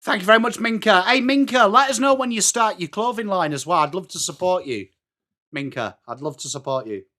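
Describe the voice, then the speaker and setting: A man's voice: high voice, lively intonation, brisk, bright, forceful tone. A middle-aged man from England with an English accent, hosting a live football watchalong, chatting to viewers by name and calling the play as it happens. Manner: chatty, reads out viewer messages and calls play. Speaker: livestream host.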